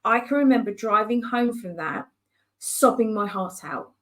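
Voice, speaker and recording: Animated, fairly high-voiced woman coach. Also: normal speed. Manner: animated, acts out quoted voices. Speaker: business coach guest. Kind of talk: conversational storytelling.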